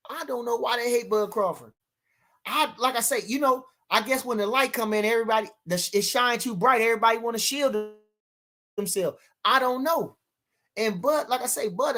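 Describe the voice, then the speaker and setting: A man's voice: high-pitched, sharp tone. A man hosting a livestream and talking to his chat, boastful and profane, repeating lines for stress, loose and rambling with restarts and fillers. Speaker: livestream host. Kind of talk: live-stream rant answering chat.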